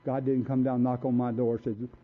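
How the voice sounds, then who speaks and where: Older man, blunt folksy storyteller, recovery talk, tinny lo-fi tape, mid pitch. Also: level tone, brisk, a little hiss or hum. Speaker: recovery meeting speaker. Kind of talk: personal recovery testimony. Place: meeting room.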